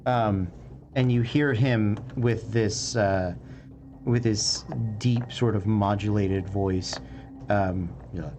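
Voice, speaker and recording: A man narrating as game master of a tabletop game, relaxed and hesitant, with many fillers. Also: fairly low pitch, takes it slowly, a little hiss or hum.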